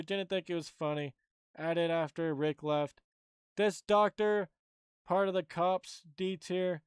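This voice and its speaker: High-voiced, blunt casual streamer man. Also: a little mellow, clear, resonant tone, no echo, clean studio sound. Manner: offhand, blunt, rambling. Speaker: streamer host. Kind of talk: casual live-stream chat.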